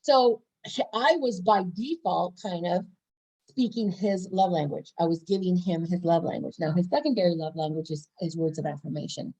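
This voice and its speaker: A woman's voice: lowish voice, normal speed, dark tone, muffled recording. A woman in her thirties talking casually to camera in a bubbly, upbeat, chatty way. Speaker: wellness vlogger.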